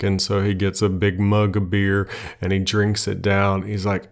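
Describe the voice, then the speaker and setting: A male podcast host telling a folk tale in a casual, colloquial and lively way. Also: deep voice, normal speed, creaky. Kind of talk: casual storytelling.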